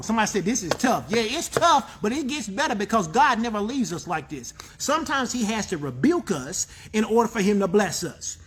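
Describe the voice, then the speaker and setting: A man's voice: sits high, big pitch swings, a little fast, hardly any pauses, fairly bright tone, husky. A man preaching a sermon as pastor, emphatic, repeating key phrases and calling for responses from the congregation.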